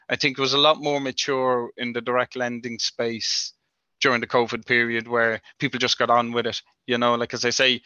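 A man speaks in an even, level tone with a bright, clear voice, rambling through his answers and leaning on "you know, like" as he goes. The audio is dry and a little dull, like a remote call. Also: mid-range voice, no room sound. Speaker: industry guest. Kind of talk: conversational interview answers.

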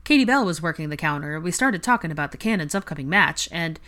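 A woman voicing an easygoing, blunt young man in a fan fiction audiobook reading, chatty and casual in her own low voice. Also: animated, fast, a bit bright.

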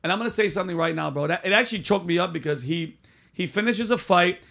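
Man, middle-aged, podcast host, slangy and emphatic, husky fry. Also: sits high, fast, fairly bright tone. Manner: loose, profane, emphatic street slang. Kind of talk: casual chat.

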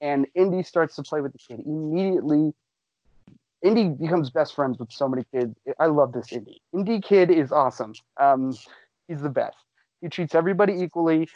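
Excitable, swearing man, slightly high voice. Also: brisk, no room sound, muffled recording. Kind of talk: casual storytelling to friends.

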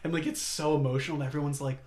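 A man's voice: on the high side, steady tone, rapid-fire, darkish tone. A man co-hosting a casual movie podcast, laid-back, often laughing and acting out scenes. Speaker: podcast co-host.

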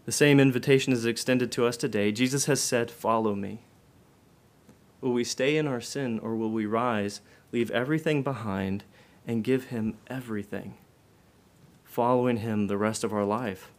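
A man preaching a sermon, asking the listeners direct questions, his delivery swelling loud and then dropping low and soft. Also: moderate pace.

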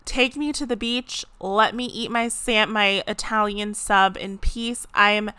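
A woman's voice: mid-range voice, steady tone, measured pace, sharp tone, a little hiss or hum. A young woman telling a story in a chatty, dramatic, laughing way. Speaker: vlogger. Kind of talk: casual storytelling.

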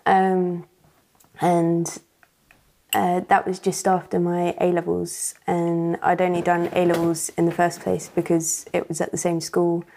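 A woman's voice: lowish voice, completely flat delivery, a little slow, mellow, slight background noise. A woman sharing her personal testimony as a church guest, talking hesitantly with many fillers.

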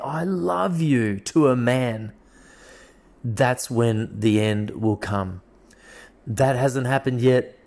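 Male preacher, mid-pitched, unhurried, emphatic and repetitive delivery. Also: a little mellow. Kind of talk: fiery street-style sermon.

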